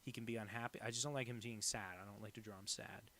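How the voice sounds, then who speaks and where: Gravelly deadpan man rambling while drawing. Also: lowish voice, fast talker. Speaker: cartoonist live streamer. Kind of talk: casual chat while drawing live.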